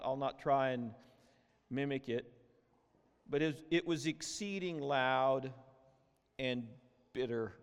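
A man preaching a sermon with emotion, often repeating and restarting words, shifting between loud cries and hushed tones. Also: medium pitch, gravelly. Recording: long hall reverb.

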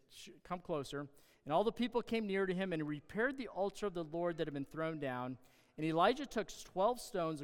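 A man preaches and reads scripture in a somewhat high, smooth and resonant voice. His delivery is animated, with sarcastic asides and loud bursts of emphasis. The sound carries a long reverb, as in a large hall. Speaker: pastor. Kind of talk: sermon with scripture reading.

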